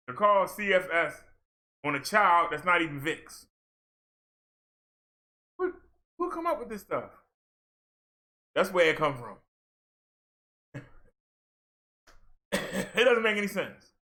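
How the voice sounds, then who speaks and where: A man's voice: sits high, sing-song, measured pace, pauses often, pushed and bright. A man with ranting through a commentary vlog, exasperated and scolding. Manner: exasperated, scolding, mocks others in put-on voices. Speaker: commentary vlogger.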